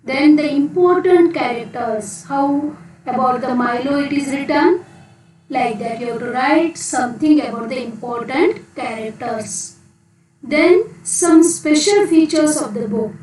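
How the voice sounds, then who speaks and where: A woman's voice: sits high, unhurried, darkish tone. A woman with an Indian English accent, teaching a class and often checking with a rising "okay?". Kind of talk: classroom lesson. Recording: echoey room from a distance.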